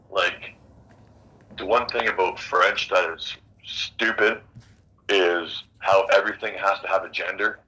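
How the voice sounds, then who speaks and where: A man's voice: sits low, steady tone, a little slow, bright, forceful tone, husky, rough recording. A man from Canada chatting casually while gaming, rambling through stories and swearing freely. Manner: swears a lot, rambling storytelling. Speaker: mobile game player.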